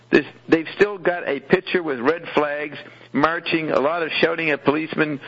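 A man's voice: fairly high pitch, moderate pace, slightly rough, dull audio. A male radio host reading an article aloud on air, who keeps breaking into helpless laughter.

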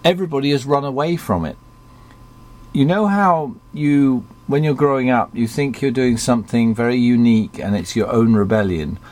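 An Englishman whose posh received pronunciation has been deliberately softened toward ordinary speech. He talks in a reflective, rambling way, restarting sentences as his thoughts shift. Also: medium pitch. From England. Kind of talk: casual conversation.

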